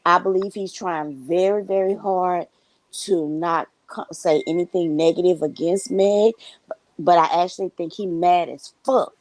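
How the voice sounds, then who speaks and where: A woman's voice: fairly low pitch, a little slow, darkish tone, dry recording, poor audio. A woman co-hosting a casual commentary show, giving blunt, profane opinions.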